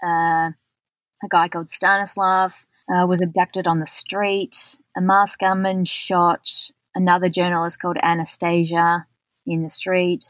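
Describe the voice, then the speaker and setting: A woman's voice: on the low side, flat delivery, measured pace, a bit bright, no echo. A woman co-hosting a podcast, chatting casually and running through a list of facts with fillers. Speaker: podcast co-host. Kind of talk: casual chat.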